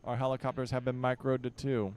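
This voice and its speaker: A man's voice: medium pitch, flat delivery, quick pace, a little mellow, slight background noise. A young man giving casual commentary while playing a strategy game, barking orders at his units and grumbling with joking exasperation. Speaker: gaming channel host.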